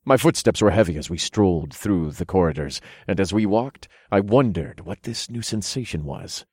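Low voice guy reading a fantasy novel in first person, dry close sound. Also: moderate pace, slightly rough, no echo. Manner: low steady storytelling, voices characters. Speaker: audiobook narrator. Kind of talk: first-person fiction narration.

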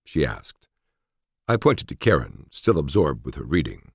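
A man's voice: extremely low pitch, big pitch swings, unhurried, vocal fry, breathy edge, no room sound. A man narrating a first-person audiobook with a dry, wry storytelling manner.

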